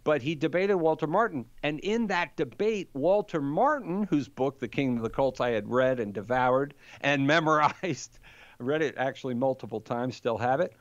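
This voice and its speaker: A man in his fifties, a podcast guest, telling a story in an animated way and chuckling as he goes. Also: medium pitch, moderate pace, dry recording. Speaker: guest apologist. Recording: dull, dry sound.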